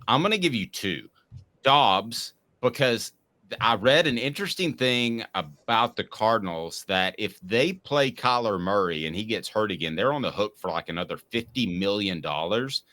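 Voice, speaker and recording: A man's voice: lowish voice, expressive, normal speed, pushed and bright. A man hosting a casual sports talk show, upbeat and steering the chat with questions to his co-host.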